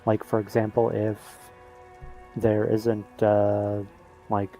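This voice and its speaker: Guy co-streaming a game, low mellow voice, explains stuff in a measured way. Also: completely flat delivery, soft background music, rough recording. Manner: measured, explaining things step by step. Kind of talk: casual chat during a game stream.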